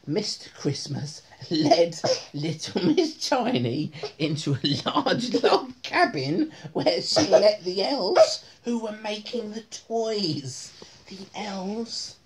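A woman's voice: mid-range voice, very animated, slow, slight background noise. A woman reading a bedtime story aloud to her children at home, often breaking into laughter as she reads.

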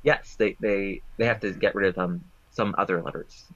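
A man presenting puzzles on a talk show over a remote call, rambling with playful deadpan jokes. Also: low voice, moderate pace, highs cut off.

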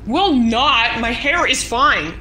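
High-voiced woman streamer, irritated and defensive, faint noise behind her. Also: lively intonation, slow, bright, forceful tone, poor audio. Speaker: streamer being raided. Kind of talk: live stream talk.

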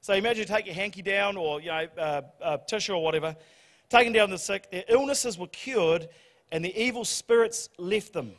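Nz pastor guy, high voice, animated storytelling sermon with shouts and laughs. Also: brisk. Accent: New Zealand. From New Zealand. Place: church.

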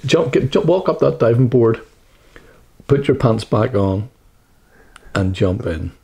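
Man, husky and gravelly, warm low tone, lively teasing co-host. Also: unhurried. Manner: teasing, playful banter with repeated name-calling. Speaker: podcast co-host. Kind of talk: casual chat.

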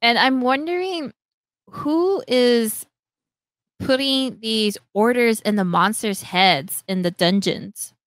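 A young woman hosting a podcast, animatedly retelling a story, acting out lines in quick voices and laughing often. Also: on the high side, no echo. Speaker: podcast host. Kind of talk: casual chat retelling a story.

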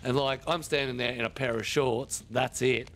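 A man's voice: mid-range voice, fairly even intonation, normal speed, fairly bright tone, slight background noise. A man with an Australian accent telling a story over game voice chat, swearing constantly. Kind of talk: casual voice chat while gaming.

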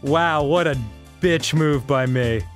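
A man's voice: fairly high pitch, slow pace, soft background music. A laid-back man co-hosting a gaming show, teasing his partner and chuckling often. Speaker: co-host. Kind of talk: casual gaming banter.

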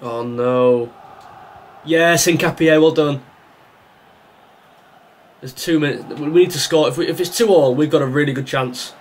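A man's voice: on the high side, measured pace, long pauses. A man giving live commentary over his own football video game match, reacting and complaining as he plays. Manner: reactive, exasperated, talks to the game. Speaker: gaming YouTuber.

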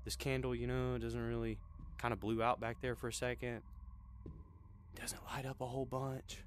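A man's voice: mid-range voice, flat delivery, normal speed, a little hiss or hum. A young man commenting on a horror game, talking nervously to the characters and blurting repeated warnings when startled. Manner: jumpy, nervous chatter to game characters, bursts of repeated "hey". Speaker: gaming video host.

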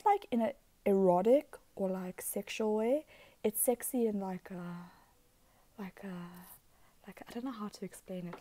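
A woman's voice: medium pitch, vocal fry, mellow. A woman giving a casual, rambling astrology talk, giggly and chatty, who swears freely and slips into whispered asides. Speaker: astrology vlogger.

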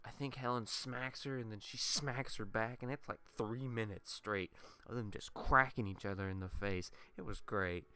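A man's voice: fairly low pitch, normal speed, few pauses, pushed and bright, clear, resonant tone. A young man rambling through a casual let's play, swearing and laughing as he tells school stories over his gameplay. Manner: rambling, profane, laughing asides.

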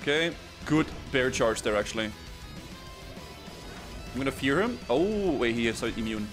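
Excitable man calling a game. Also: medium pitch, moderate pace, over music. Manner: animated, stammering restarts, sudden laughing yelps. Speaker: streamer playing arena matches. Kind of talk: excited gaming commentary.

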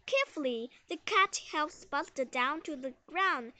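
A woman's voice: high-pitched, lively intonation, unhurried, pushed and bright. A woman carefully reading a children's story aloud, then asking comprehension questions. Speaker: storyteller and teacher.

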